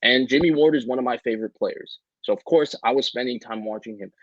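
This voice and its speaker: A man's voice: mid-range voice, quick pace, no room sound, muffled recording. A man co-hosting a sports podcast, giving earnest, detailed football analysis with some stammering.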